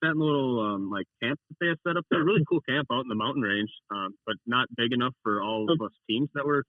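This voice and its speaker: Young man, casual storyteller, mid-pitch voice, tinny phone line, no room sound. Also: fast talker, dry recording. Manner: rambling storyteller, acts out his own quotes. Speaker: racer telling his race story. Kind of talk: casual call-in chat.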